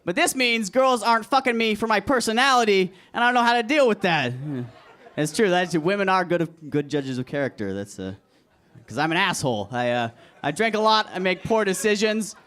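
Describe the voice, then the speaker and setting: High bright crude young stand-up comic. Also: male voice, brisk. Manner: deadpan, crude, self-deprecating. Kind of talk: stand-up comedy set. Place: comedy club open mic. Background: audience laughter.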